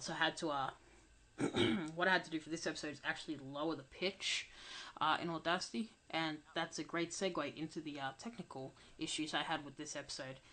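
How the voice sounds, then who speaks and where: Low-voiced young woman, mumbling. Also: pushed and bright. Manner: mumbling, hesitant. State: recovering from illness. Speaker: channel host. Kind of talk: casual audio commentary. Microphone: home desk microphone.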